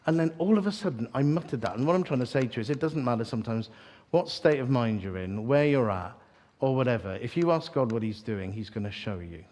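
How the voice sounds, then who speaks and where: Animated self-mocking preacher, man. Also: medium pitch, fast talker. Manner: animated, self-mocking, acts out voices in his story. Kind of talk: storytelling sermon. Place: church hall, live audience.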